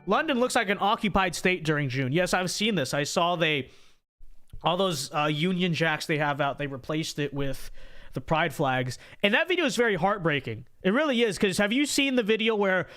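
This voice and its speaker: A man's voice: on the high side, sing-song, normal speed, fairly bright tone. A young man hosting a political commentary livestream, rambling and repeating words as he thinks aloud and reads viewer messages. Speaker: livestream host.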